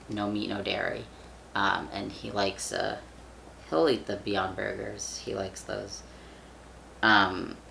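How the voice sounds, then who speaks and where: A man's voice: lowish voice, vocal fry, pushed and bright, slight background noise. A young man vlogging in casual chat, rambling with lots of fillers and casual swearing. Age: young adult.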